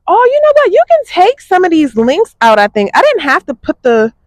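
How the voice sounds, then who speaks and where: A woman's voice: high-pitched, moderate pace, no room sound. Chatty young woman vlogging outdoors. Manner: chatty and animated, laughing often. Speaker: fitness vlogger. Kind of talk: casual vlog chat to viewers.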